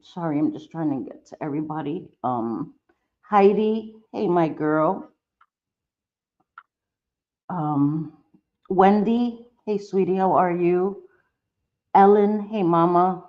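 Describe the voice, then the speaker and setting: Woman streamer, low mellow voice, chatty and apologetic, dull lo-fi mic. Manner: warm greetings, apologetic, halting with fillers. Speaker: live-stream host. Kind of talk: casual live-stream chat.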